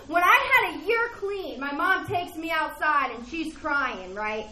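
A woman's voice: high-pitched, expressive, unhurried, echoey room, very noisy. A woman speaking at a recovery meeting and telling her personal story in a rambling, earnest way. She keeps checking in with the room by asking "right?".

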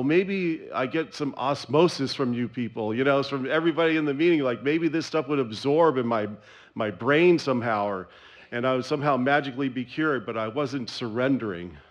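Guy sharing his recovery story, kinda higher voice, candid and self-mocking, muffled lo-fi audio. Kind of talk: personal testimony at a recovery meeting.

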